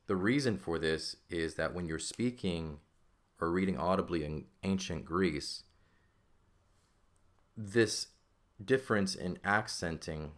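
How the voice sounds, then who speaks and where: A man's voice: sits low, a bit bright. A man teaching a recorded language lesson, explaining step by step and checking in often with "okay?" and "right?".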